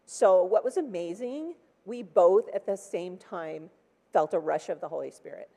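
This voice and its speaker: In a large church hall, a woman in her sixties gives a personal testimony from the pulpit. Her fairly low, mellow voice has vocal fry and moves a little slowly but animatedly, and she's chatty, full of "like" and acted-out quotes.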